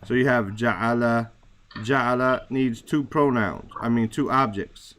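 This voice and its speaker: Male instructor at mid pitch, explains slowly with fillers and "right?" checks. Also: steady tone, a bit bright, a little hiss or hum. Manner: searching for words, many fillers; repeats "right?" to check understanding. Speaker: teacher. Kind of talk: classroom explanation.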